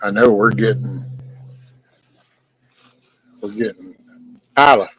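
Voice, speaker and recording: A man's voice: fairly low pitch, fairly even intonation, slow pace, a bit bright, slightly rough, rough recording. A middle-aged man, hosting a casual livestream chat, rambling along and breaking off now and then to scold his dog. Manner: laid-back, rambling, scolds his dog mid-sentence. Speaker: livestream host. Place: at home near a backyard chicken coop.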